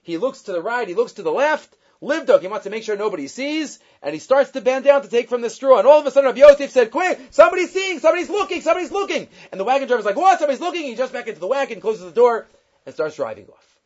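A man's voice: very high voice, expressive, quick pace, darkish tone, lo-fi sound. A man giving a Torah class, retelling stories and weaving Hebrew quotations into his English. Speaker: Torah teacher.

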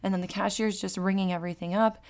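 A woman's voice: medium pitch, steady tone, quick pace, a little mellow. A woman hosting a solo podcast in casual chat, rambling and giggling often, with self-deprecating humor. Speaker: podcast host.

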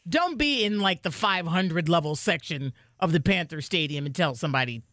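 A woman co-hosting a podcast in casual chat, telling stories in an animated way. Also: normal speed, no room sound, studio quality. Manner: animated storyteller, pitch swings widely. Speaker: podcast co-host.

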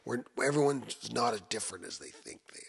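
A man in his sixties with a Southern Ontario accent, a musician chatting in an interview, rambling and repeating himself with animated bursts. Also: medium pitch, brisk, gravelly, slightly rough. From Canada. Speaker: musician guest. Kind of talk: casual interview chat.

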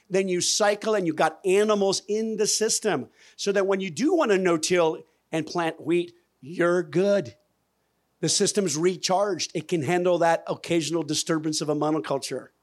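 Folksy, emphatic man on a stage. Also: sits high. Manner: folksy, emphatic, quizzes the audience. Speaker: conference speaker on regenerative farming. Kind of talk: lively stage presentation. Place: conference main stage.

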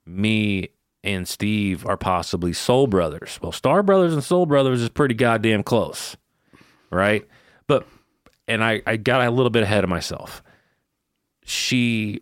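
Man, podcast co-host, casual storytelling, smooth resonant voice, dry sound. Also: lowish voice, no echo. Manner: candid, swears freely, emotional retelling.

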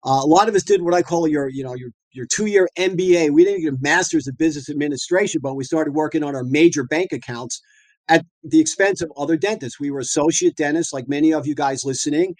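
A man's voice: on the high side, fast talker, darkish tone, no echo. A middle-aged man from the northeastern United States, a dentist guest telling colloquial stories with frequent fillers and restarts. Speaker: dentist and practice owner guest. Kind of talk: anecdotal storytelling talk.

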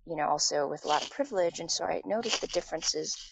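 Low, gravelly woman telling a story. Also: quick pace, a little hiss or hum, low-quality recording. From Taiwan. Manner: storytelling, many fillers and restarts. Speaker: guest. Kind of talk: casual interview talk.

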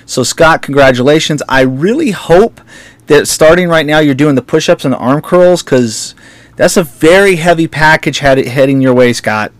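A man's voice: fairly high pitch, lively intonation, moderate pace, dry recording. A man co-hosting a talk radio show, joking around and laughing often in casual chat.

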